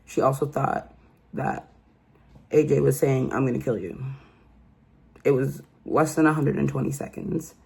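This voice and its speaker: A woman's voice: a bass voice, little pitch movement, unhurried, vocal fry, a little mellow. A woman giving a casual true crime commentary, telling the story emphatically and incredulously and often asking "okay?".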